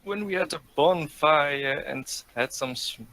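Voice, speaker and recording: A teenage man reading a fanfic aloud with a reluctant, halting delivery. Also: fairly high pitch, sharp tone, poor audio. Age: teens.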